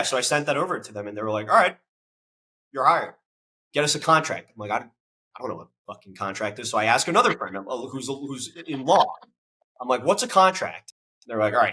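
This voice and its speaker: A man's voice: mid-range voice, pushed and bright, poor audio. A man in his twenties, a podcast guest, telling his story casually and acting out quoted dialogue with plenty of swearing.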